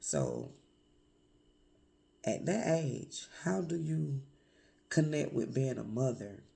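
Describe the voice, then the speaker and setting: A woman vlogger with a hoarse voice from a cold, speaking candidly and reflectively in a confessional vlog, with many pauses and fillers. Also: a bass voice, big pitch swings, dark tone.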